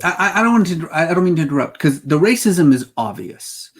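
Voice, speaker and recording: Man, talk show host, fairly high voice, searching questions, pauses and restarts. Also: big pitch swings, slight background noise. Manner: probing, builds long questions with hesitations. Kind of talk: conversational interview over drinks.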